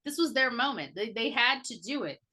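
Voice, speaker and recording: A woman's voice: a little high, expressive, fairly quick. A woman co-hosting a podcast, trading blunt jokes and profane banter about a horror movie. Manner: blunt, joking banter with loud bursts. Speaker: podcast co-host. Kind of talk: casual movie recap.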